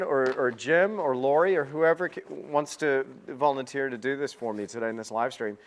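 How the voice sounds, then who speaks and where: A man hosting a casual painting livestream, chatty and upbeat, often repeating words, with a self-deprecating manner. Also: medium pitch.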